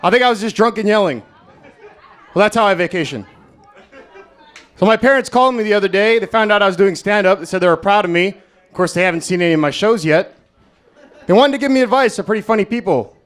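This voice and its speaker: Young american guy doing standup, pretty high voice, deadpan and crude, mocks himself. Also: quick pace, long pauses, a faint crowd. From United States. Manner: crude, deadpan, self-mocking delivery. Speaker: stand-up comedian. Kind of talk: stand-up comedy set. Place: comedy club stage, Las Vegas.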